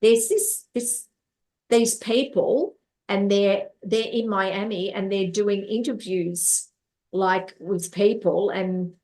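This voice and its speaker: A woman's voice: medium pitch, fairly even intonation, takes it slowly, mellow. A woman life coach telling stories from her life in an interview, repeating words and acting out what others said. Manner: repeats words, acts out quoted dialogue. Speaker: life coach and therapist guest. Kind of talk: storytelling in an interview.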